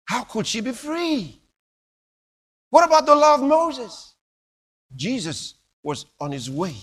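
A man preaching a sermon, telling stories dramatically with sudden loud bursts and hushed drops. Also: very high voice, sing-song, slow.

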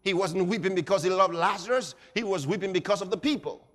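A man preaching a dramatic sermon, swinging between shouts and hushed, low passages. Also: fast talker. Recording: long reverb of a large hall.

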